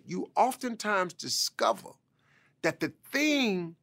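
A man tells his life story in a motivational style, leaning on "man" to drive his points home. His voice is gravelly and forceful, and he delivers with emphatic conviction. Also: high voice. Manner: emphatic, repeats "man" for stress. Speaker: speaker telling a life story.

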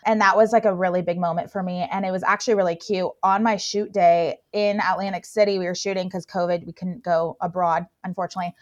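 Excitable young woman telling her story. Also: lowish voice, fast, hardly any pauses, muffled recording. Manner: gushing, filler-heavy, excitable. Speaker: guest, plus-size model. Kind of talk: casual storytelling interview.

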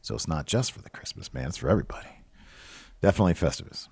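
A man co-hosting a casual recap podcast, talking in an animated way that jumps up when he gets excited. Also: rumbling low, fast, slightly rough, no room sound, studio quality. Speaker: podcast co-host.

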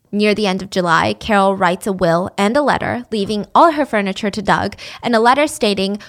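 A woman's voice: mid-range voice, a little fast, hardly any pauses. A young woman telling a true-crime story casually, with chatty, sarcastic asides.

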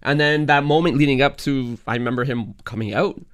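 A man who is a guest on a parenting talk show, telling personal stories quickly and candidly. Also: medium pitch, clean tone. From Canada. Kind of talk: casual interview chat.

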